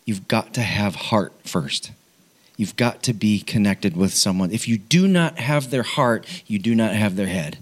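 A middle-aged man, a pastor, telling a personal story in a sermon, animated and self-mocking, often laughing and restarting his sentences. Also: on the low side, unhurried.

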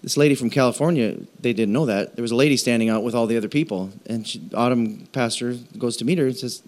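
A man delivering a sermon at a mid pitch, telling stories with animated quoted voices. He pauses and restarts often, then presses forward into prayer. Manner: halting, with fillers and restarts. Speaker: pastor.

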